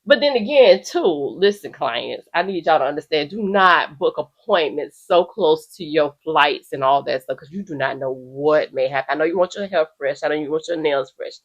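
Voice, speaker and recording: A woman's voice: deep voice, moderate pace, few pauses, highs cut off. A woman hosting a commentary video from her room at home, talking bluntly and with exasperation in slangy casual speech. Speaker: host reacting to stories.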